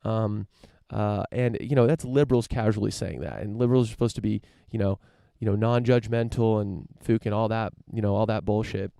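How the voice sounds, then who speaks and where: A man's voice: fairly low pitch, brisk, vocal fry, hardly any pauses, warm tone, no room sound, studio quality. A podcast host from the United States, a man riffing through a casual opinion monologue, rambling with lots of fillers, restarts and casual swearing.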